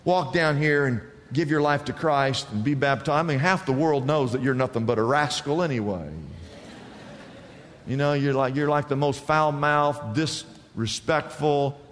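A man's voice: fairly high pitch, unhurried. A male pastor preaching a sermon, telling stories and acting out the people in them. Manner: animated storytelling with acted-out voices. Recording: long reverb of a large hall.

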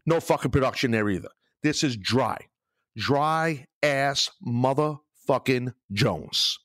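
A man's voice: mid-range voice, slow, fairly bright tone, no room sound, clean studio sound. A man hosting his own podcast alone, ranting sarcastically and swearing often, with no music under his voice. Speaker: podcast host. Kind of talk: solo podcast rant. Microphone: studio microphone, no music bed.

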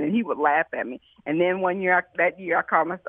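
A woman tells her stories with excited, animated energy and keeps acting out what others said. She comes through a thin phone-like line that sounds dry and close. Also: lowish voice, rapid-fire, hardly any pauses, husky, no echo. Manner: excited, animated storytelling with quoted dialogue. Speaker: food pantry founder. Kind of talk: storytelling in an interview.

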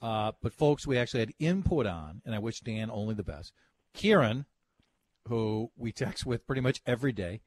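A man's voice: medium pitch, lively intonation, normal speed. A man hosting a radio talk show, bantering with co-hosts and taking callers. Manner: joking, takes callers.

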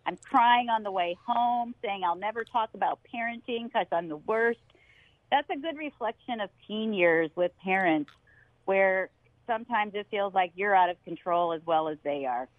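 A middle-aged woman tells a story on a radio interview, lively and expressive, slipping into the voices of the people she quotes. Her voice comes through a narrow, phone-like line with a very dry, close sound. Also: mid-range voice, normal speed, dry recording. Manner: animated, acts out quoted voices, laughs often. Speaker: co-host.

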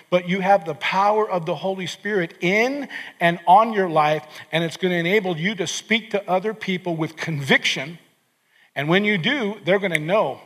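A man's voice: sits high, fairly quick, fairly bright tone. A man preaching a sermon as pastor, earnest, often restarting and repeating words as he explains scripture. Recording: long hall reverb.

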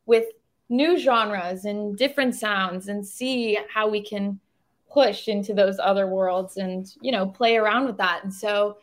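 A woman songwriter chats as an interview guest. She talks in a bubbly, quick way and laughs often. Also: medium pitch. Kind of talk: casual interview chat.

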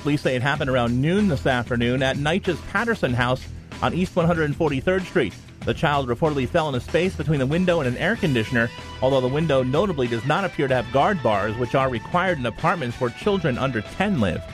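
A male radio anchor reading the news, traffic and weather in a steady scripted delivery. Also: mid-range voice, a little fast, faint music behind.

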